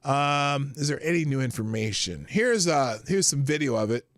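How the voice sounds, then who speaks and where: A man's voice: medium pitch, expressive, moderate pace, heavy background noise. A man hosting a live stream in a casual chatty way, reading articles aloud and laughing often. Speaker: live show host.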